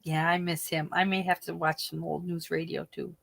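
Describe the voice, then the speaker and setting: Woman, casual livestream host, chatty and animated with frequent laughs. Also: normal speed, gravelly. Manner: chatty, animated, laughs often, trails off into sad lows.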